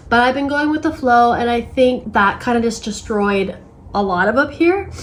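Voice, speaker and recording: Her voice fairly high, a woman in her twenties, late twenties, vlogs casually at home as she moves to her desk, rambling self-deprecatingly with plenty of "like"s. The audio is poor, with a little hiss or hum.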